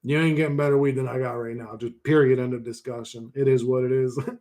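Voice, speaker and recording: A man in his forties chatting casually on a livestream, slangy and profane, laughing often and swinging between mumbling and loud bursts. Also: mid-range voice, fairly even intonation, fast. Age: 40s.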